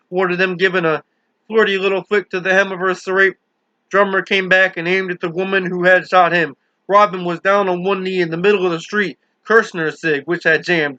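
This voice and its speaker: Bright-voiced male audiobook narrator. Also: sits high, no room sound. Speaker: audiobook reader. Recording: dull lo-fi dry recording.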